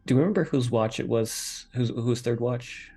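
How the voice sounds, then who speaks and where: A man's voice: medium pitch, moderate pace, dark tone, husky. A man playing a tabletop game, casually describing his character's actions. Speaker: player.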